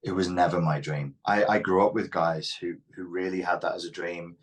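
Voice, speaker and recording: Very low voiced scouse guy, frank and reflective, swears a bit as a guest. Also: steady tone, moderate pace. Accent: Liverpool Scouse. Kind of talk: candid interview talk.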